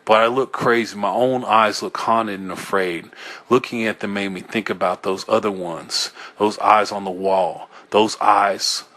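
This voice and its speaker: A man with a lowish voice reads a first-person horror tale aloud. His delivery is tense and halting, with small slips he corrects as he goes. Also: steady tone, sharp tone. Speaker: audiobook reader.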